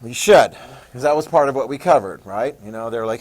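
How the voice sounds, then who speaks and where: Male history teacher, animated classroom storyteller, mid pitch, repeats key terms. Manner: animated storytelling, acts out leaders in quick voices. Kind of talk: classroom lecture.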